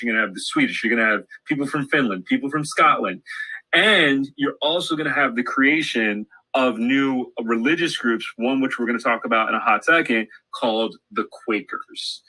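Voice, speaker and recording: A man co-teaching a history lesson breaks in with emphatic explanations. His voice is forceful and bright, with a husky edge. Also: mid-range voice, poor audio. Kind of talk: classroom lesson screencast.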